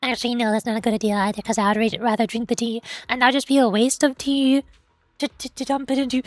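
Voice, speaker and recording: High-voiced playful woman streamer. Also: fast talker, dry recording. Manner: playful, excitable, mock-indignant teasing. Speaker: livestream host. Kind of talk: casual stream chat.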